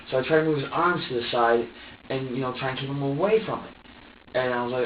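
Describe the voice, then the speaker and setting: A man under police questioning who recounts events haltingly, repeating himself and swearing. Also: medium pitch, fairly even intonation, a little hiss or hum. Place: police interrogation room. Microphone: distant room camera mic. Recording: dull, echoey room audio from far off.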